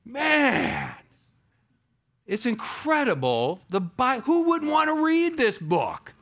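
A man preaching a sermon as pastor, animated, swinging between loud exclamations and hushed asides. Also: very high voice, measured pace, vocal fry.

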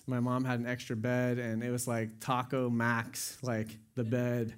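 A young man preaching in a relaxed, conversational sermon. He tells stories loosely, with fillers and laughter in his voice, and his pitch sits in an ordinary middle range. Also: slow pace, clean tone. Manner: casual, storytelling with laughs and quoted dialogue. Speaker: pastor. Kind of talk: sermon with personal story.

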